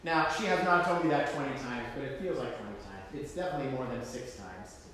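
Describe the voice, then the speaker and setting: A man's voice: mid-range voice, fairly quick, fairly bright tone. A man preaching a conversational sermon, telling a self-deprecating personal story with frequent fillers and asides. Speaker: pastor. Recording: echoey hall, faint room noise.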